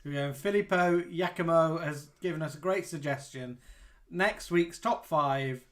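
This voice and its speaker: A man's voice: on the high side, measured pace. A man hosting a casual live chat show, reading out viewer comments in a chatty way. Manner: chatty, warm-hearted, reads out messages. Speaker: host.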